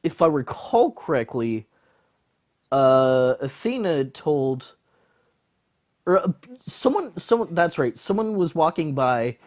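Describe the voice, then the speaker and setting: A man's voice: on the high side, very animated, slow, pauses often, a little mellow. A man, a podcast guest, telling a rambling story in casual chat, full of fillers and restarts.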